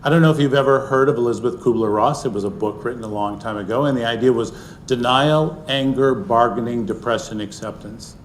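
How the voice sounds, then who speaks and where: A middle-aged man telling a personal story to an audience, earnest, and often sinking into a soft, hushed voice. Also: medium pitch, brisk, a little hiss or hum. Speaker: speaker sharing a personal story.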